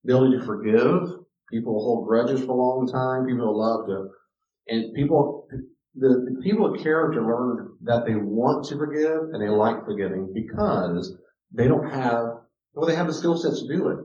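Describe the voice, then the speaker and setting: A man gives an easygoing teaching talk on parenting and character, speaking conversationally and acting out quoted dialogue. His voice is mid-range and warm at a moderate pace, and the recording is roomy, distant and dull.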